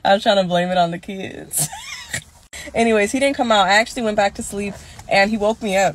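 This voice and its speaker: A woman's voice: medium pitch, fairly quick, noisy background. A woman tells a personal story in a casual storytime way. She is candid and chatty, laughs along, and acts out what people said.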